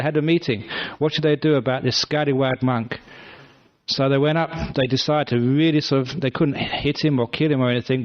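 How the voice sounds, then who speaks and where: A man's voice: medium pitch, highs cut off. A man giving a Buddhist dharma talk, telling a story in a chatty, humorous way. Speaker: Buddhist monk teacher.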